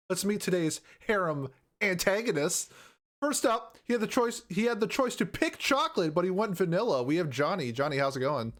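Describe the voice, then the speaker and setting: A man hosting a podcast, introducing the panel with playful jokes. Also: a little high. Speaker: podcast host.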